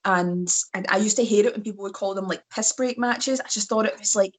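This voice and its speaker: A young Scottish woman, a wrestler, chatting casually as a podcast guest with lively storytelling. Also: medium pitch, fairly quick. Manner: lively storytelling, mimics other people's voices. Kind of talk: casual chat.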